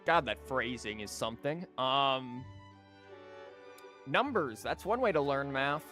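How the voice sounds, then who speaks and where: A young male streamer chatting casually over his gameplay, rambling, joking and tripping over his words. His pitch is mid-range, and soft game music is faintly heard behind him. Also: lively intonation, measured pace.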